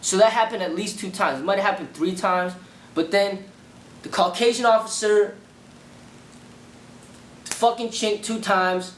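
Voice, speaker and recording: Unhurried and given to long pauses, this martial arts channel host has a fairly bright tone. The young man recounts personal stories loosely, packed with repeated fillers, in an echoey room with a faint rumble.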